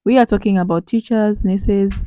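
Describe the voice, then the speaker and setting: A woman with a mellow, warm voice speaks to her viewers in an earnest, persuasive way. The sound is dry and close. She lays out her views as a commentary monologue. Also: mid-range voice, steady tone, normal speed, dry recording. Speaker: channel host.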